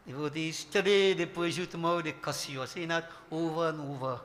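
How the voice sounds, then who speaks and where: A man's voice: fairly high pitch, a little fast, hardly any pauses, fairly bright tone, slight background noise. An older man gives a devotional sermon, emphatic and full of rhetorical questions to his devotees. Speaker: Hindu spiritual teacher.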